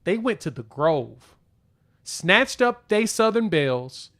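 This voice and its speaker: Bright, animated male co-host. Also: sits high, takes it slowly. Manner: animated, joking storyteller. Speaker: podcast co-host. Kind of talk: casual sports chat.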